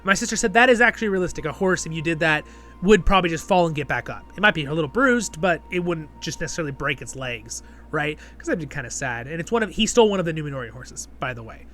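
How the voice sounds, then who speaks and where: A man's voice: on the high side, animated, fast, a bit bright. A man hosting his show, giving a casual episode review in a chatty way and often tagging his points with "right?" and "okay?".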